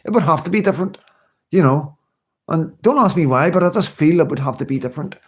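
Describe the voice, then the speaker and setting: A man's voice: a little high, animated, fast talker, slightly rough. Rambling, earnest man streaming live. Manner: rambling, earnest, repeats himself, swears casually; reads out and answers viewer comments. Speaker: livestream host. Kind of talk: casual live-stream chat to viewers.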